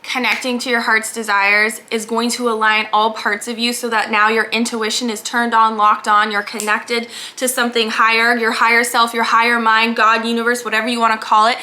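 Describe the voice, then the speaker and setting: A woman coach speaks straight to the camera in an upbeat, emphatic motivational talk. Her voice sits high and sounds bright and forward. She leans hard on key words to spur listeners on. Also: little pitch movement, fairly quick, few pauses. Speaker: business mindset coach.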